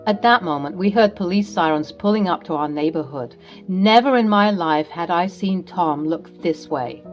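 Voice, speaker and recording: Woman, story narrator, scripted, dramatic, mid-pitched voice. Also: darkish tone.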